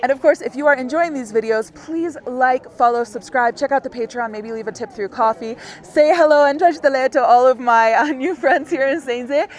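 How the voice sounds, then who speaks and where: Surrounded by street onlookers and some background chatter, a woman leads an informal outdoor language lesson in a busy public area. Her voice sits high and she talks at a normal speed with few pauses, explaining things step by step in a friendly manner and frequently laughing.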